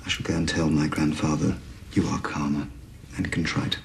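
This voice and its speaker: An actor playing a menacing young heir in a period drama, smooth, soft and insinuating. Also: male voice, a bass voice, little pitch movement, normal speed, background noise. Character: menacing young male heir, predatory villain. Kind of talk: period television drama acting.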